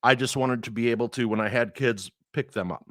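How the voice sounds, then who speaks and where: An animated man in casual talk, telling his story with plenty of profanity and playing the people he quotes. His voice sits at an average pitch. The recording is close and dry, with no room echo. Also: fairly quick.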